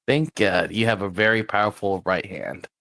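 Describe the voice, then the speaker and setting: A man's voice: lowish voice, normal speed, gravelly, a bit bright. A man playing a tabletop game, joking at his own expense. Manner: self-deprecating joking. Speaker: player. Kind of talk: casual in-character banter.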